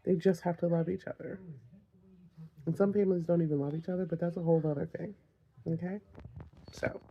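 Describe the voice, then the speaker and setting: A woman's voice: on the low side, fairly even intonation, brisk, dull audio, background noise. A young mother with a Southern accent talking casually to the camera, frank and exasperated.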